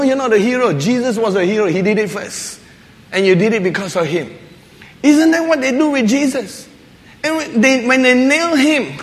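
A man's voice: extremely high pitch, a bit bright. A man preaching a humorous sermon who chuckles often and acts out little voices as he tells his stories. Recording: long reverb of a large hall.

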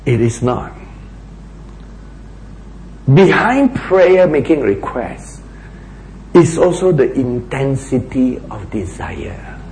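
A man preaching a sermon, asking rhetorical questions and dropping to a hushed voice for emphasis. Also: mid-range voice, big pitch swings, slow, vocal fry, pauses often, roomy sound, slight background noise, poor audio.

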